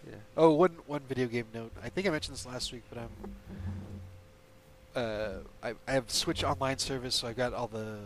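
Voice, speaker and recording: A man's voice: medium pitch, moderate pace, noisy background. A man hosting a casual podcast chat with friends, joking around and laughing often. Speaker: podcast host. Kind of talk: casual chat, quizzing friends on movie quotes.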